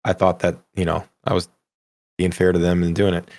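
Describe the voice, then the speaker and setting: A middle-aged man co-hosting a casual gaming podcast, ranting in an animated way and swearing freely. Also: deep voice, fairly quick, no echo. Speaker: podcast co-host.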